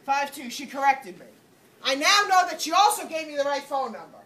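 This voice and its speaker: A woman network marketing trainer giving a lively motivational talk on stage, acting out little scenes and laughing as she goes. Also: sits high, brisk. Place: event room on a cruise ship. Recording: roomy, from far off, light background noise.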